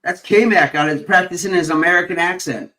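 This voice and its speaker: A man's voice: high voice, a little fast, bright, forceful tone. A man hosting a casual chat stream, rambling and profane with lots of fillers.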